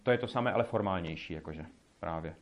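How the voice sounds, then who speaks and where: A man who grew up speaking Czech teaches a language class, explaining phrases through lively example dialogues. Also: low voice, rapid-fire.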